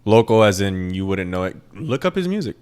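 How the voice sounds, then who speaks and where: A man's voice: lowish voice, big pitch swings, fairly quick, a little mellow, clear, resonant tone. A young man from the Midwest with a plain Midwestern accent, hosting a casual solo podcast, rambling and self-deprecating and swearing freely. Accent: plain Midwestern American. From American Midwest. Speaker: podcast host.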